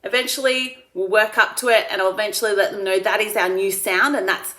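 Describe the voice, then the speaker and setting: An Australian woman speech therapist explains her method in a calm, encouraging way. She slows down to model each speech sound. Her voice carries a roomy echo. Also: mid-range voice. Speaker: speech pathologist. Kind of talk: explaining therapy steps to camera.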